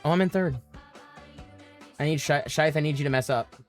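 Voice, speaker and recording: A woman's voice: low-pitched, normal speed. A woman hosting a casual game livestream, joking and swearing freely as she runs community games. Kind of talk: casual game-stream chat. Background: faint music.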